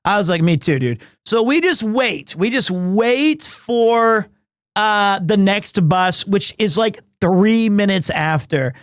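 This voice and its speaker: Lively high-voiced man in his forties. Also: slow, no room sound, studio quality. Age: 40s. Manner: animated, acts out quoted people in funny voices. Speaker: streamer. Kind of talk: casual storytelling to stream chat.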